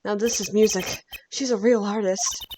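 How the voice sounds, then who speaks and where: A woman's voice: medium pitch, fairly even intonation, normal speed, noisy background. A young woman hosting a game stream, reacting with laughs and swearing in casual commentary. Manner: giggly, swears, reacts loudly. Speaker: streamer host. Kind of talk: casual let's-play commentary.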